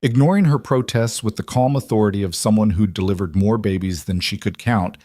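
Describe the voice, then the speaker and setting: A man reading a story aloud in a steady, measured way. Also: on the low side, dry recording. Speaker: narrator. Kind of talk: scripted narration.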